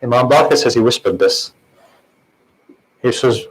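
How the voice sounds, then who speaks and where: A male preacher delivers a mourning sermon, his voice sitting at an ordinary middle pitch. He talks in a conversational way yet with rising passion, turning often to his listeners with questions. There is a faint hum of ambience behind him. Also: a little slow, long pauses.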